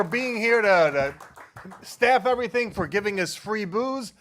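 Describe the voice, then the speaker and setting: A man's voice: sits high, measured pace, a little hiss or hum. A man hosting a live comedy show, thanking the comics and hyping the crowd. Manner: excited, shouty hype. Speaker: show host. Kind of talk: closing announcements at a live show. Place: live venue with an audience.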